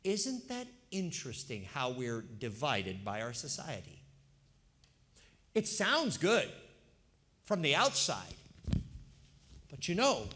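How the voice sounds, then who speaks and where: Lively man in his fifties preaching. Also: a little high. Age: 50s. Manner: lively, conversational preaching with questions to the congregation. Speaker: pastor. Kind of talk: sermon.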